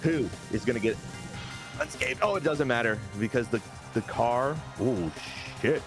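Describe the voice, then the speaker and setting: A man giving a casual recap of his wrestling game league, excitable and swearing now and then. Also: medium pitch, moderate pace, over music. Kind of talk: casual gameplay recap commentary.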